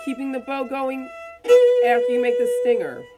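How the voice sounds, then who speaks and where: A woman teaching a violin lesson, calmly explaining bowing technique step by step while demonstrating. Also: high-pitched, moderate pace, gravelly, loud music behind the voice. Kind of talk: casual instructional explanation.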